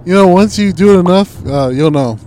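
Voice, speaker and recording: Podcast co-host, man, laid-back and giggly, a little high-pitched, faint background noise. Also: a little fast, darkish tone. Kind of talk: crude casual banter.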